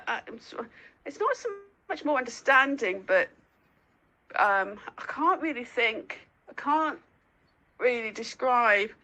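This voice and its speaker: A woman guest in a casual interview, telling lively stories with lots of laughter and squeaky acted-out asides. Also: low-quality recording. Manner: giggly storyteller, acts out lines in a high squeaky voice. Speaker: guest, dog owner and foster carer.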